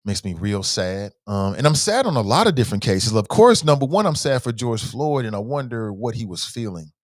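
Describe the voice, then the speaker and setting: A man hosting a news commentary show, talking candidly and directly to his audience. His voice sits at an ordinary middle pitch. The sound is dry and close, with no room echo. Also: sing-song, brisk. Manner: conversational, addresses viewers directly, swings between joking and heavy emotion. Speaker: show host.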